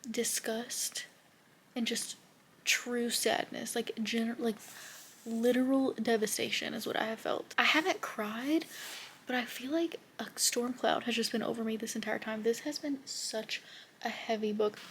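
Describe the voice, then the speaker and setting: Speaking at a measured pace in a steady, slightly bright tone, this young woman has a voice that's a little high, with a bit of hiss or hum audible. As a book vlogger, she chats casually about what she's reading, getting emotional and frequently slipping into a whisper.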